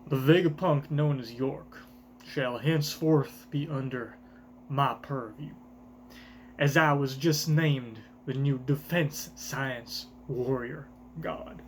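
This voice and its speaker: A man voicing a stern, imposing commander in a low, cold, measured delivery. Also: slight background noise, lightly acted. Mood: cold, menacing.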